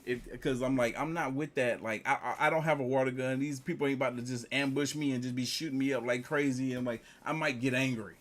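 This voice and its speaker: A man telling a casual story, lively, jumping higher when he quotes people. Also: a little fast, few pauses, a little hiss or hum. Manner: animated, jumps up in pitch when quoting others.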